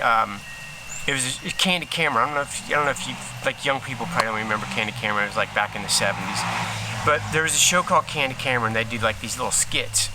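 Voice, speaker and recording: A man giving a casual motivational talk as a healing coach, telling a story in an animated, slangy way and acting out other people's lines. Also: on the high side, slight background noise.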